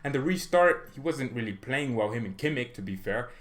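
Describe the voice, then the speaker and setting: A man's voice: mid-range voice, lively intonation, fairly quick. A man hosting a fan channel, giving rambling, casual football commentary full of fillers. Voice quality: rambling, chatty, filler-heavy.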